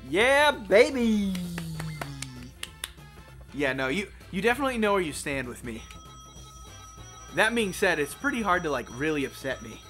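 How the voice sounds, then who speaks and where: A man's voice: on the high side, sing-song, brisk, sharp tone. A man talking casually and bluntly while playing a video game, crude and joking. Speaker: let's play commentator. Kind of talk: casual gaming chat. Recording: faint game music behind.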